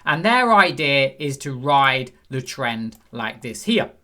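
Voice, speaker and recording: Lively, bright-voiced male trading teacher. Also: medium pitch, slow pace. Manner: conversational, asks the viewer questions; acts out a frustrated trader's inner voice. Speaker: trading instructor. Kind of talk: screen-share chart lesson.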